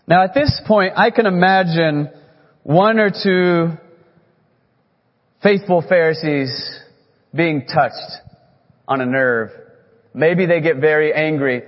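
A man preaching a sermon as a pastor, earnest, leaning on key words with slow, emphatic phrasing. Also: a little high. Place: church sanctuary. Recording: echoey hall, muffled sound.

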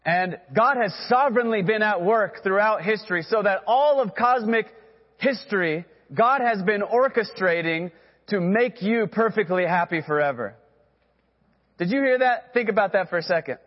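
A man's voice: high voice, lively intonation, normal speed, long reverb tail, highs cut off. A man preaching a sermon as pastor, earnest and direct, who has the congregation repeat phrases after him.

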